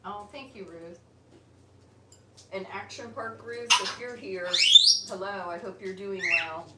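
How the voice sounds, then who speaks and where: A woman's voice: mid-range voice, fairly even intonation, slow. A middle-aged woman hosting a casual livestream at home, chatting and sweetly coaxing her pet bird, recorded on a phone on a tripod. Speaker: bird channel host. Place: home, indoors. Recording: roomy, distant phone mic, loud noise.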